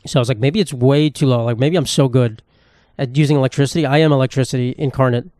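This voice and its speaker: A man's voice: mid-range voice, fairly even intonation, quick pace, darkish tone, no echo, clean studio sound. A young man, hosting a solo comedy podcast in a profane, sarcastic, rambling rant. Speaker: podcast host.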